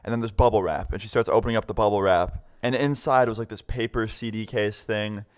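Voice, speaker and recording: Speaking briskly in a fairly low, steady voice, this young vlogger shares a story time with his audience. It's loose and meandering, packed with "like," and he performs the lines of each person he quotes.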